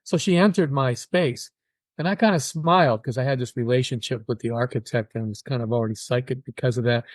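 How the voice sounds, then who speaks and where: An older man talking as a guest in an interview, telling personal stories with an animated delivery and acting out other people's words. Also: medium pitch, fairly quick, no echo. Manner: animated, acts out quoted voices. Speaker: guest musician. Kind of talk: casual interview storytelling.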